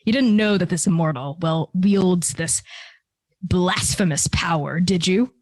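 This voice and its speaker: A woman's voice: lowish voice, unhurried, darkish tone, no echo. A woman voicing a scornful, menacing male hunter god in a tabletop game.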